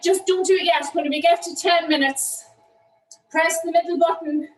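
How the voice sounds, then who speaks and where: A woman's voice: high-pitched, far from the mic. An Irish woman leading an online indoor cycling class, talking while eating and apologizing for it. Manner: talking with food in her mouth, apologetic. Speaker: cycling coach. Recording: echoey room, away from the mic.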